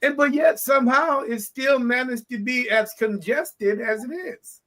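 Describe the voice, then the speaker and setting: A podcast host speaking in a relaxed, jokey way. The talk is a casual interview chat, with easy banter between questions. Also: high-pitched, measured pace.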